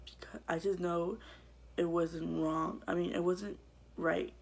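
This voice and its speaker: A woman vlogger telling her own life story to camera in a halting, quiet way that often drops to a whisper. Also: on the low side, flat delivery, creaky.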